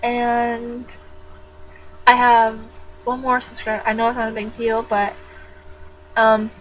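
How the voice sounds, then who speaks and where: A teenage girl rambles through a casual vlog at a slow, unhurried pace, her voice sitting a little high. She giggles and jokes between thoughts. A faint hiss runs under the recording. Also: fairly bright tone, rough recording. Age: teens. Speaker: vlogger.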